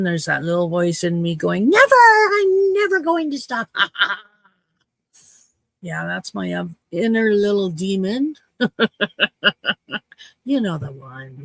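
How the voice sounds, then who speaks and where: In a dry recording, a Canadian woman in her fifties with a fairly low, gravelly voice hosts a livestream, chatting with her audience casually, playfully and with a cheeky edge.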